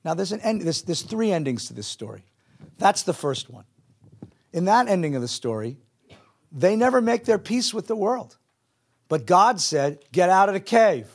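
Male teacher with a somewhat high, husky voice, animated, quizzes the audience. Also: moderate pace, long pauses. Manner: animated, questions the audience, drops Hebrew and Yiddish words. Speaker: teacher of a Jewish text class. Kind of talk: lively teaching to a live audience.

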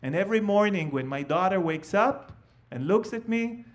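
Animated man telling a story. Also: high-pitched, normal speed. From Israel. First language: Hebrew. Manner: animated, with frequent fillers. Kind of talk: live storytelling talk.

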